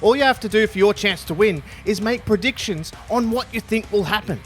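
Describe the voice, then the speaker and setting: Upbeat man narrating, pitched high. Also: fairly quick, soft background music. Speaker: YouTube storyteller. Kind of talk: scripted narration.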